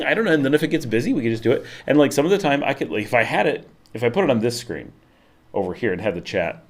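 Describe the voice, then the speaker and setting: A man chats on his own livestream in a slightly low voice, rambling loosely and leaning on "like" and "you know." His tone swings up and down, and he speaks into a desk mic in a home office. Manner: rambling, filler-heavy, lively swings in tone. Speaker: livestream host. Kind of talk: casual livestream chat. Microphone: desk microphone.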